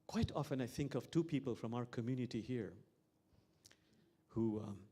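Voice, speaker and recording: A man preaches as an imam, weaving stories into a reflective sermon. His voice sits at a mid pitch, and he often repeats key phrases. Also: normal speed, dark tone, breathy edge. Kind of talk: sermon with storytelling.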